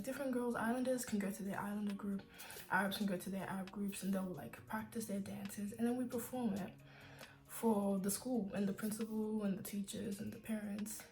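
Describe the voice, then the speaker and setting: A woman's voice: medium pitch, steady tone, fairly quick, darkish tone, faint music behind. A young woman vlogging in a casual, sassy, opinionated rant, full of fillers like "like" and "you know.". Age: young adult. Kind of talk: casual ranting vlog.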